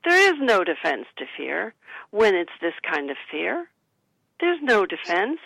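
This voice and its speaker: A woman author and psychic, a guest on a radio talk show, calmly giving advice and suggesting what to say. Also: on the low side, measured pace, creaky, no echo, rough recording. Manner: calm, counseling, gives sample phrases to say.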